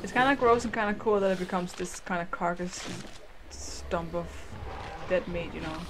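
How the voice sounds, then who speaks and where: Woman gamer doing casual let's play commentary, playful, goofy, with game audio clearly audible behind. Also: on the low side, moderate pace, noisy background. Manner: chatty, playful, goofy asides. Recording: game sounds loud behind voice. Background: game audio, dinosaur calls.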